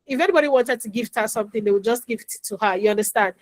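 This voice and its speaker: A woman's voice: on the high side, racing. Chatty woman coaching parents. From Nigeria. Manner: chatty, repeats advice, acts out dialogue. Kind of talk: instructional talk with anecdotes.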